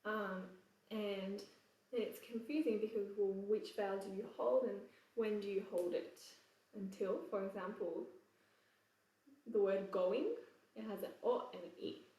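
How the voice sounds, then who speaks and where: A woman with an English accent teaching choir vowel sounds in a relaxed, chatty way, breaking into sung examples. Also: mid-range voice, unhurried, distant mic. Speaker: choir vocal coach. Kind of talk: casual singing lesson with sung examples. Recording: roomy echo, voice away from the mic.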